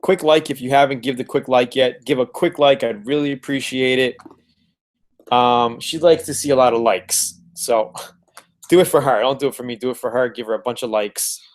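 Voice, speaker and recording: A man's voice: medium pitch, steady tone, normal speed. A man hosting a casual live stream from home, upbeat and fond of repeating words as he greets viewers. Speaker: host of a live car-flipping webinar.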